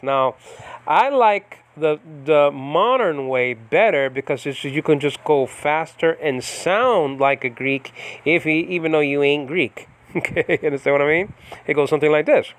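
A man's voice: on the high side, unhurried, dry recording. A middle-aged man from the United States giving a casual Bible study lesson from his home, rambling with many fillers and restarts. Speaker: Bible teacher. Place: home in the Philippines.

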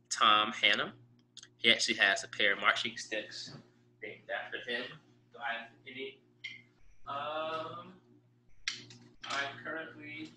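A man's voice: mid-range voice, bright, forceful tone, slight background noise. A male music teacher giving a drum lesson, counting aloud and explaining stick strokes. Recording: echoey room.

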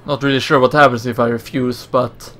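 A man hosting a let's play, giving relaxed, casual commentary with mumbled asides. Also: medium pitch, brisk.

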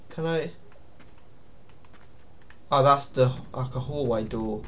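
A man's voice: medium pitch, slow, pauses often, a bit bright, slight background noise. A man giving nervous, jumpy commentary on a horror game, with sudden startled yelps. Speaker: gaming YouTuber.

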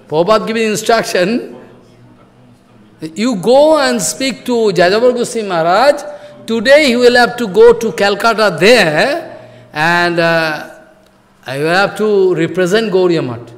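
A man giving a devotional talk as a spiritual teacher. He tells a story in simple non-native English, acts out the quotes and keeps asking if listeners follow. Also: high voice. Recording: long hall reverb.

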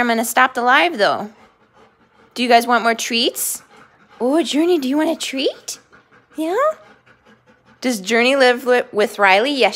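A woman's voice: mid-range voice, a bit bright. A tired woman hosting a casual home livestream, chatting with viewers and breaking off to give firm commands to her dogs, recorded on a handheld phone. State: tired and a little dizzy. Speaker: pet channel host doing a livestream. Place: messy room at home, indoors.

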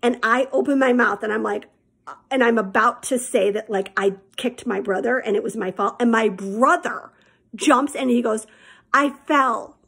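A woman's voice: a little high, normal speed, creaky, fairly bright tone, slightly rough. A woman teacher telling her students a personal story in a chatty, candid way and calling them friends.

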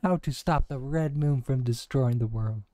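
A man's voice: medium pitch, normal speed, mellow, no room sound, soft background music, natural voice. A man voicing an earnest, theatrical young woman detective's sidekick, reading game cutscene dialogue aloud with some stumbles.

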